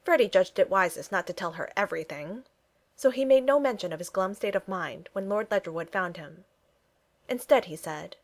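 A woman's voice: medium pitch, normal speed. Woman narrating an audiobook.

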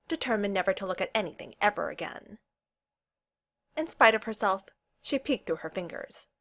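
A woman reading a story aloud as narrator, expressive and unhurried. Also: mid-range voice.

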